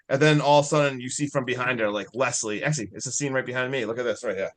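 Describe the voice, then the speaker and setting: A man's voice: medium pitch, fairly even intonation, rapid-fire, few pauses, fairly bright tone. A young man co-hosting a horror movie podcast over a video call, recapping scenes in a rambling, profane, joking way. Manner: profane, rambling, mock-angry ranting. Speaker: podcast co-host. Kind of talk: casual horror movie review chat.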